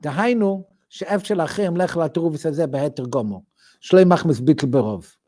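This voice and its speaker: A male rabbi leads a weekly study class in English with a strong Yiddish flavor. His voice sits high, and he moves through the material in a sing-song study cadence, thinking aloud and restarting phrases as he goes. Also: racing, dark tone. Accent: Yiddish-inflected English. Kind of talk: Talmudic study lecture.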